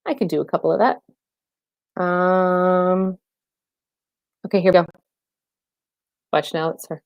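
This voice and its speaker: A woman's voice: lowish voice, a little slow, creaky, no echo. A woman fitness trainer hosting a casual live stream, chatting and laughing with viewers and calling them by name.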